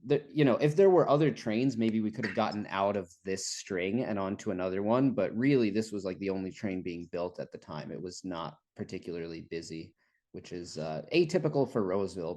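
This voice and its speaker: A young man with a fairly low voice tells a long, rambling story in casual conversation. He laughs often and swears freely as he goes. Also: a little fast, a little mellow. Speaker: guest storyteller. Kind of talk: casual chat.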